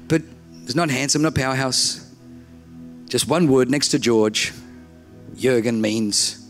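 A man's voice: sits high, normal speed, vocal fry, a bit bright, soft background music. A man, originally from Germany, telling a humorous sermon story as a preacher and animatedly acting out the dialogue. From Germany, raised in Australia.

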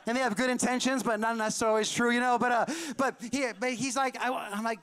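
A male pastor preaches by telling a story, his voice sitting very high yet clean and smooth. He grows animated and pushes up to shouted peaks as he drives his point home. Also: very fast, few pauses. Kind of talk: storytelling sermon.

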